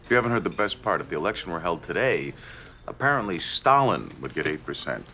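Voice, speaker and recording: Super deep deadpan consultant, dry jokes, noisy track. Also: male voice, fast, heavily acted. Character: dry, wry American political consultant. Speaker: political consultant.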